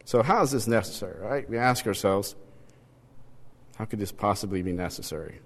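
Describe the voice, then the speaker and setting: A man's voice: on the low side, lively intonation, fairly quick, fairly bright tone. A man teaching a casual Bible study, reading passages aloud and checking in with rhetorical questions. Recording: long hall reverb.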